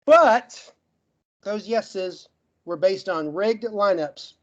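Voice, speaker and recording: A man giving a debate closing argument in a rapid, list-like way, with a stutter that makes him get stuck on words. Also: high-pitched, expressive, highs cut off. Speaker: debate participant.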